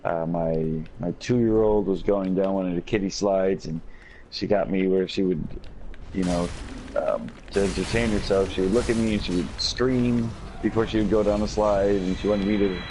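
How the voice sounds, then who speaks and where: A man with a raspy, hoarse voice, telling a long rambling story with many fillers while streaming a game on a headset mic. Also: low-pitched, normal speed, warm tone, slight background noise, poor audio. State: hoarse from screaming. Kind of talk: casual gaming chat.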